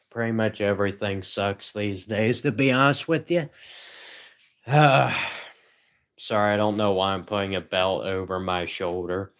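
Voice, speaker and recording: A man rambling sarcastically on a livestream from inside a house, joking in deadpan asides. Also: on the low side. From rural United States. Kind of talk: rambling comedic livestream chat. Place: indoors in a house.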